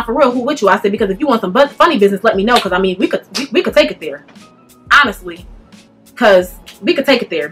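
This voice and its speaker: A young woman telling a casual storytime, animated and speaking straight to her viewers. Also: medium pitch, husky. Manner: animated, addresses viewers directly, slangy.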